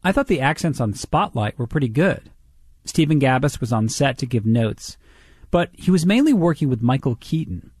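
A man's voice: medium pitch, very animated, normal speed, a little mellow, breathy edge, no room sound. Man hosting a radio feature, dry studio sound. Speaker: radio host. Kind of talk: scripted radio narration.

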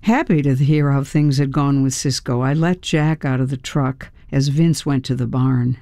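An audiobook narrator reading a first-person story in an unhurried storytelling manner, acting out the dialogue lines. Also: mid-range voice, fairly even intonation, warm tone, no echo.

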